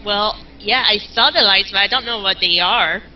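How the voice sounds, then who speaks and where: A woman's voice: mid-range voice, moderate pace. A woman playing a tabletop game, speaking casually and in character. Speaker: player. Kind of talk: in-character tabletop role-play. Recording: slightly muffled voice chat.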